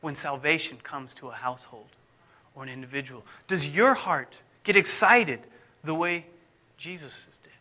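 A middle-aged man, a pastor, preaching in a conversational, self-deprecating way whose phrases often fade off softly. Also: fairly high pitch, moderate pace. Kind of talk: sermon.

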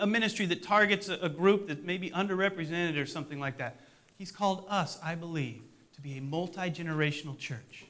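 Middle-aged male pastor, high bright voice, conversational sermon with light self-deprecating humor.

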